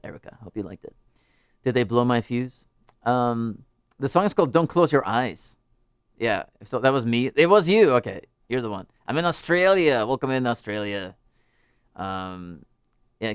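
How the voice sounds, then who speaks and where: A man's voice: mid-range voice, smooth, dry recording, clean studio sound. A man hosting a live music stream, chatting casually with viewers, rambling and joking as he interrupts himself. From United States.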